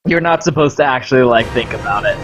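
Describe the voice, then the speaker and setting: A man's voice: mid-range voice, lively intonation, quick pace, a bit bright, faint music behind. A man giving casual, sarcastic and profane commentary while playing a video game. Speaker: let's play host.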